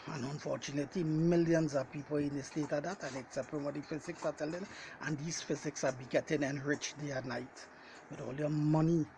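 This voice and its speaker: A man preaches a message in a fairly high voice, talking straight at his listeners and hammering the same phrases again and again. He keeps calling them ladies and gentlemen as he pushes each point home. A faint hiss sits under his voice. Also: steady tone, brisk, low-quality recording. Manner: repetitive, hammering refrains. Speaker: self-styled Bible teacher.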